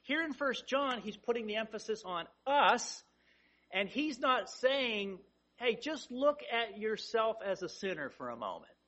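A man delivers a sermon in a bright, high voice. He speaks slowly and deliberately, and his pitch swings widely as he drives points home with repeated phrases. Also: very animated, lo-fi sound. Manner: emphatic, repeating phrases with rising intensity. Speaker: preacher.

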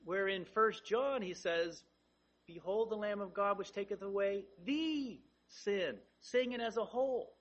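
A man's voice: sits high, a little slow, dull audio. A man preaching a sermon, emphatic, driving points home by repeating phrases.

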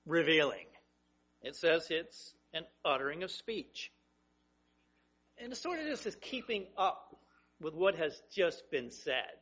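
A man preaching a sermon, telling vivid stories that swing between hushed and emphatic. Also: on the high side, slightly rough, highs cut off. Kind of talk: sermon, Bible teaching.

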